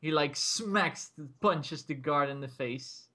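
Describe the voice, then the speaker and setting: A man's voice: fairly high pitch, slow pace, bright, forceful tone. A man running a tabletop game as game master, narrating loosely with lots of "like" and laughter. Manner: laughing, rambling with many "like"s.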